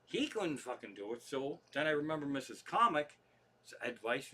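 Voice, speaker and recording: Very animated, pushed and bright at normal speed, a mid-range male voice with a Pennsylvania accent belongs to a middle-aged comedian. He tells loose, foul-mouthed stories on a living-room livestream, chatting and drifting into asides.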